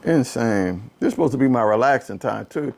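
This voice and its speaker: A man hosting a casual political talk show, ranting in an animated, exasperated way, often repeating phrases and swinging from low muttering to a raised voice. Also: brisk, creaky. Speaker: podcast host. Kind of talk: casual political commentary rant.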